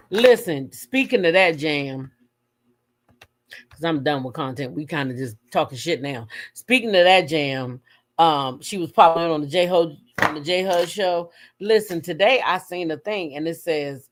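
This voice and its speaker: Animated, swearing woman gossiping on livestream. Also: moderate pace, a little hiss or hum. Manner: animated, profane, bursts into high shrieks when retelling her reactions. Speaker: livestream host. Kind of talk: casual gossip livestream, reading and answering chat.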